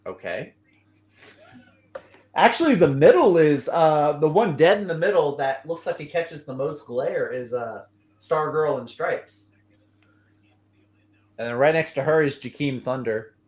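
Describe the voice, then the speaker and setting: A man's voice: fairly high pitch, expressive, measured pace, long pauses, darkish tone. A man co-hosting a casual chat, talking loosely with many fillers. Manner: chatty, with fillers like "uh" and "like".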